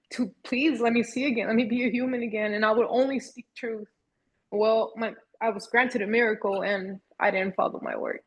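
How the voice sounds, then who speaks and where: A woman in her thirties telling a personal story as a podcast guest, halting and searching for words with frequent restarts. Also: medium pitch, breathy edge. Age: 30s.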